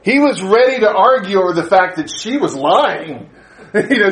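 A man's voice: sits high, moderate pace. A male pastor preaching a sermon, asking his listeners question after question and laughing as he tells stories. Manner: animated, rhetorical questions, laughs while telling stories.

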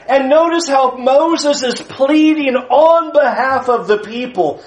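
A man's voice: very high voice, slow pace, few pauses, low-quality recording. A man preaching a sermon, earnestly paraphrasing scripture in a conversational way.

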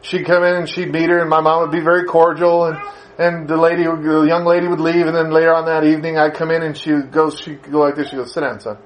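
A male preacher delivering a sermon with animated storytelling. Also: fast talker. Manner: animated storytelling, pitch rising with emphasis.

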